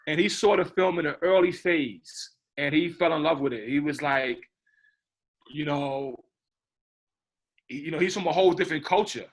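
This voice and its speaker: A man's voice: a little high, normal speed, pauses often. A man, a film director, talking casually in an interview, rambling with many repeated words and asides. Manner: rambling, repeats words, says "you know what I mean".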